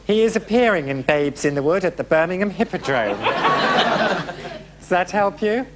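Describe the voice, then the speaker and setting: A man's voice: high-pitched, lively intonation, unhurried, background noise. A man hosting a TV game show, camp and arch, full of teasing quips. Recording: TV studio with audience and music.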